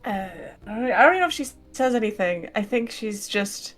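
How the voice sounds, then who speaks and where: A woman's voice: on the high side, lively intonation, fairly quick, soft background music. A woman playing a tabletop game, describing her character's actions hesitantly with many fillers. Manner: hesitant, filler-heavy, warm. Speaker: player. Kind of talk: casual tabletop game play.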